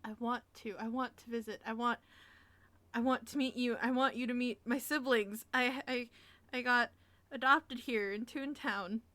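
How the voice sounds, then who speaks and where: A woman voicing a shy, eager young toon who speaks in halting, repeated bursts. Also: fairly high pitch, steady tone, bright, forceful tone, no echo. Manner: nervous, halting, repeats herself.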